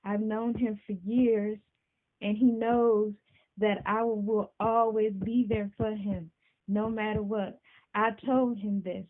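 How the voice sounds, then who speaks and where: A woman hosting a podcast, talking casually and warmly about friendship, often asking "you know what I'm saying". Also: mid-range voice, level tone, takes it slowly. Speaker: podcast host. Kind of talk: casual talk to camera. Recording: tinny phone-like sound.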